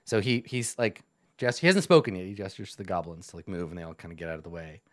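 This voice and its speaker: A man's voice: low-pitched, fast, no room sound, studio quality. A man narrating as game master in a casual, rambling way full of fillers.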